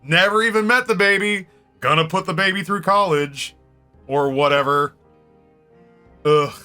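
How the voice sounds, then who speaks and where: Bright-voiced man telling a rowdy story. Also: sits high, measured pace, faint music behind. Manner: animated, swears freely, laughs often. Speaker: streamer. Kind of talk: casual storytelling during a game stream.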